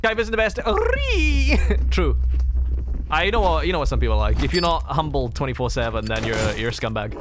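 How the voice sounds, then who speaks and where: A man streaming a game, chatting with friends in quick, sarcastic banter. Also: mid-range voice, background noise. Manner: sarcastic, fast-talking banter. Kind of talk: casual gaming chat.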